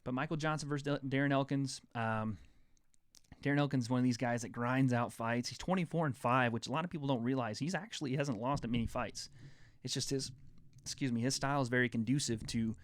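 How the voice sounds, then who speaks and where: A man's voice: medium pitch, brisk, no echo. Young man rambling about fights, dry sound. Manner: rambling, enthusiastic fight talk. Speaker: host. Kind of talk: casual sports chat.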